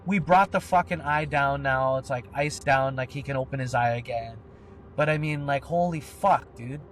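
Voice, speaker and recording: A man's voice: mid-range voice, normal speed, slight background noise. A man telling a personal story on a podcast, rambling and swearing, with lots of filler words. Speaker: podcast co-host. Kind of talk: casual storytelling.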